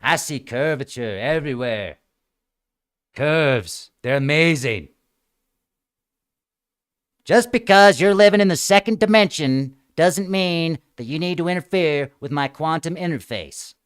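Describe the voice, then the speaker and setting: A man hosting a show, ranting sarcastically in a mocking, animated way that swings between loud outbursts and quiet asides. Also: fairly high pitch, measured pace, smooth. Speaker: show host. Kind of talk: sarcastic comedic rant. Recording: small room with green screen.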